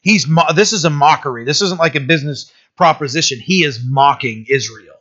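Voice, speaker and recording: A man preaching in a church, his voice bright and forceful and pitched a little high. He reads scripture and breaks into emphatic, chatty asides. The recording is dull and lo-fi. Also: a little fast, husky. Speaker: pastor. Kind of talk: sermon with scripture reading.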